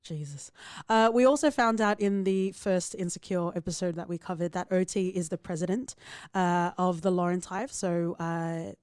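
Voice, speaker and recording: A woman's voice: lowish voice, normal speed, clean tone, no room sound, studio quality. Playful foul-mouthed woman podcast host. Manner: playful, crude, animated joking. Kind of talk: casual chat.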